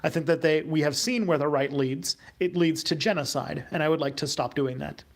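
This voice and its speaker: A man with a high-leaning voice, brisk and marked by vocal fry, hosts a YouTube livestream. He reads viewer questions aloud and answers off the cuff, hesitating with lots of fillers and restarts.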